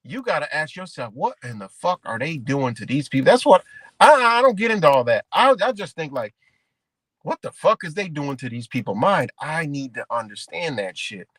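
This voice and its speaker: A man's voice: a little high, big pitch swings, normal speed, a bit bright, dry recording. Profane rambling man ranting on livestream. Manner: addresses viewers as guys. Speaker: livestream host. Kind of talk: casual livestream rant.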